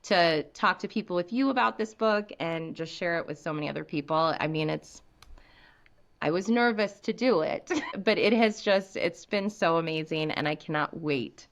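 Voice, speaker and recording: A woman's voice: on the low side, normal speed. An American woman author talking animatedly as a guest on a podcast, laughing often. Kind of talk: podcast interview.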